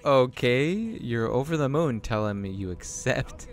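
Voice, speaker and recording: A man's voice: medium pitch, animated, a little slow. A young man casually commenting while playing a game, joking and reading choices aloud. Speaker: let's play host.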